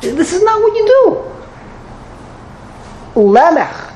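A woman teaching a Torah lecture in an animated storytelling manner, with sudden high exclamations and many Hebrew and Yiddish terms. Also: unhurried, pauses often, slight background noise, poor audio.

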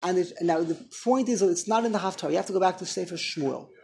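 Man giving a torah lesson, gravelly voice, impassioned, loud emphatic peaks, repeats words. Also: high voice. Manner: halting restarts and repeated words. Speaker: Torah teacher.

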